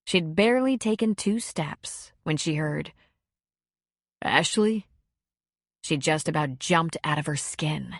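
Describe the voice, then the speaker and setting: A woman's voice: sits low, unhurried, vocal fry, few pauses, no room sound, studio quality. Woman narrating an audiobook. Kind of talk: scripted narration.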